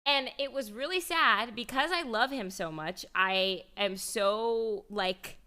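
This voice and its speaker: Young female streamer, bright and chatty, swears freely; casual live-stream talk. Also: fairly high pitch, takes it slowly, clean tone. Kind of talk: casual chat.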